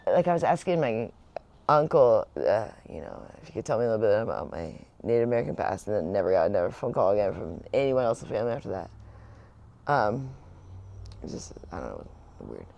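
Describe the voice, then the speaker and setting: A woman's voice: very deep voice, sing-song, a little fast, vocal fry, mellow, highs cut off. A woman host telling rambling personal stories in casual chat, laughing often. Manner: rambling storytelling with frequent laughs. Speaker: channel host.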